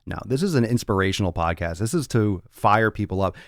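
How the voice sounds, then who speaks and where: A man's voice: lowish voice, animated, brisk, no room sound, clean studio sound. Blunt, profane male fitness podcaster. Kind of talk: casual podcast rant.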